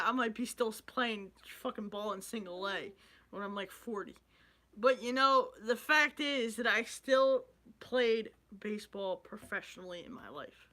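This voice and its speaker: In an emotional, rambling vlog, a young man swears freely while talking about loss and his dreams. His voice is high-pitched with a sharp tone.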